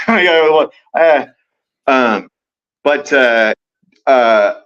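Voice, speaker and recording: Bright, hesitant man on a muffled line. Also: medium pitch, animated, extremely slow, smooth. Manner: hesitant, many fillers and trailing thoughts, laughs easily. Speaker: film critic guest. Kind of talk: casual film discussion.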